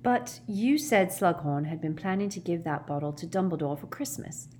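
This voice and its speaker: Woman voicing a soft, breathy teenage girl. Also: on the low side, lively intonation, moderate pace, slight background noise, close to an everyday voice. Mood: reasoning.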